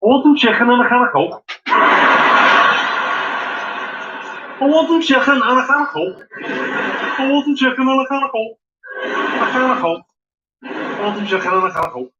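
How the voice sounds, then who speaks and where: A comedian doing a brash young Liverpool lad with a Scouse accent, chanting a catchphrase in a sing-song, bobbing way. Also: male voice, very high-pitched, lively intonation, normal speed, long pauses, bright, forceful tone, reverberant, pitched above the performer's own voice, full character voice. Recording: muffled live recording with noise.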